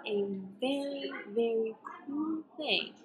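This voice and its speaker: A young woman tells her story to the camera in a casual vlog. Her voice is mid-pitched, and she talks in a dry, laid-back way. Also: takes it slowly. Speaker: vlogger.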